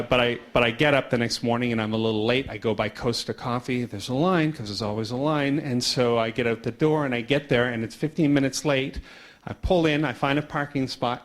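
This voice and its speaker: A man giving a talk, telling a story in a lively way and acting out the voices in his anecdote. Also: mid-range voice. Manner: animated storyteller acting out dialogue; quick pace with slowing down. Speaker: conference speaker.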